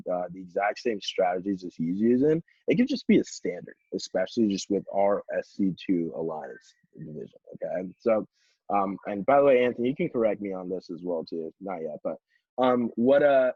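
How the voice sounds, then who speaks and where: A young man training salespeople, acting out a sales pitch in a casual, upbeat way full of "like" fillers. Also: dark tone, slightly rough, no room sound. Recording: dull, slightly lo-fi dry sound.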